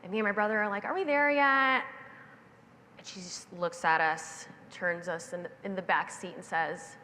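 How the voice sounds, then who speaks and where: A woman giving a keynote on stage, telling a story with lively acted-out voices. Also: fairly low pitch, brisk, a little hiss or hum. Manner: animated, acting out the voices in her anecdote. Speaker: keynote speaker. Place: stage in a large event hall. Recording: long reverb of a large hall. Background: hall reverb.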